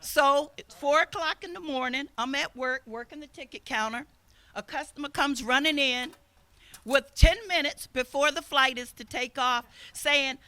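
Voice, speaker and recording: Bright-voiced older woman preaching. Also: high-pitched, normal speed. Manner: storytelling, acts out quoted speakers. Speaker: pastor. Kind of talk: sermon. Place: outdoors.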